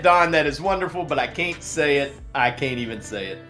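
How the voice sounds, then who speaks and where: A man's voice: on the high side, moderate pace, a bit bright, faint music behind. Chatty laughing man hosting a livestream. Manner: laughing often, rambling with many restarts. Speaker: livestream trading show host. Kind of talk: casual live chat reading viewer comments.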